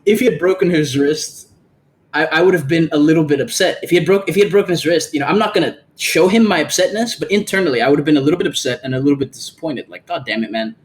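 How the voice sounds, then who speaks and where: A man's voice: a little high, fast talker. A man hosting a podcast, chatting casually and animatedly, swearing freely and acting out the lines of people in his stories. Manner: animated, profane, acts out quoted lines. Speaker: podcast host.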